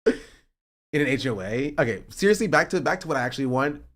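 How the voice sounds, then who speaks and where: A young male streamer talks casually with his audience. His pitch swings widely as he jokes sarcastically. At times he works himself up into a heated rant. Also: fairly quick. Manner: joking and sarcastic, reading chat aloud; rising to animated ranting. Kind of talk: casual livestream chat.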